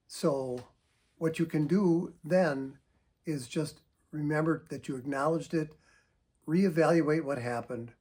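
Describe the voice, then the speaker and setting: An older man, a psychotherapist, giving earnest, emphatic advice straight to camera and showing how to sigh out deep breaths. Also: a little mellow. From United States. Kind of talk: direct-to-camera advice talk.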